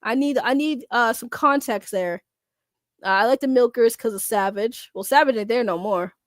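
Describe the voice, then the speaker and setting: A fairly high-voiced woman streamer with a blocked, congested nose from a cold chats casually with her audience. She talks bluntly and swears freely, breaking into laughs. The sound is dry and close to the mic. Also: moderate pace, no room sound. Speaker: streamer reading chat. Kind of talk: casual livestream chat.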